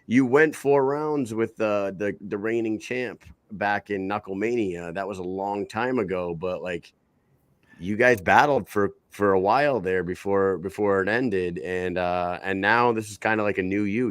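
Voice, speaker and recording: A man with a fairly low voice co-hosting a casual podcast. He rambles and jokes, stacking up fillers as he talks. The sound is dry and close to the mic. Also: moderate pace, dry recording. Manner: rambling, lots of "like" fillers, jokey. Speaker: podcast co-host.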